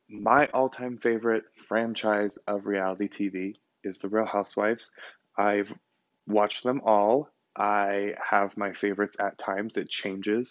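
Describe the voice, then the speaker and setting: A man with a fairly low voice hosts a solo podcast, talking casually and animatedly, quick to curse and to lean hard on his words. The recording is dry and a little dull. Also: no echo. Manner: animated, blunt and profane, swings between fast bursts and slow emphasis. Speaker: podcast host.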